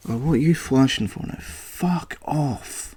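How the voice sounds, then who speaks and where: A Scottish YouTuber with a croaky voice, casually flubbing takes and swearing at his own mistakes. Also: medium pitch, unhurried, darkish tone. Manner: swears freely at his own flubs, self-mocking.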